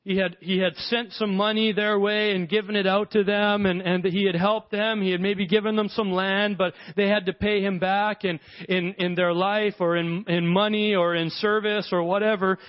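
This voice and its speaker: A man's voice: high-pitched, little pitch movement, moderate pace, hardly any pauses, muffled recording. A man preaching a sermon in a conversational way, acting out the characters of a parable as he retells it.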